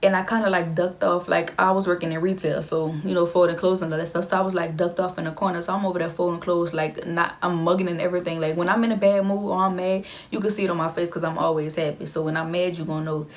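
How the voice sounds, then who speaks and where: A woman's voice: lowish voice, little pitch movement, fast, few pauses. A young adult woman casually telling a personal story to her viewers in a chatty, emphatic way. She often repeats phrases for effect.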